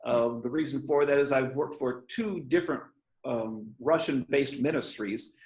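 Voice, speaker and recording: A man's voice: medium pitch, normal speed. A man in his fifties from Michigan, an author and preacher, telling stories earnestly in a casual interview over a video call. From Michigan, USA. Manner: earnest storyteller, animated quotes. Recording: echoey room.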